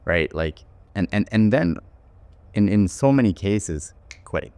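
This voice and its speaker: Man, low pitch, dry sound, podcast host, thoughtful, lots of "right?". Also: lively intonation, a little slow, darkish tone, no room sound. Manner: thoughtful, many "right?" tags and restarts. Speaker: podcast host and company owner. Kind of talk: casual podcast interview.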